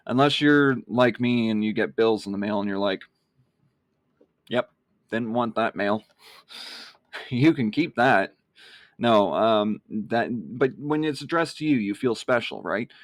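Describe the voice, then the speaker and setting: A man's voice: fairly low pitch, no echo, studio quality. A man explaining his email marketing in a casual walkthrough, with many fillers and a rambling manner. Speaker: online marketing vlogger.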